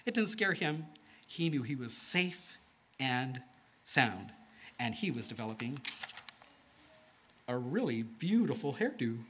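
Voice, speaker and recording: A man telling a children's sermon story in an animated, playful way, with sound effects and questions to his listeners. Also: mid-range voice, slow pace, long pauses, slight background noise.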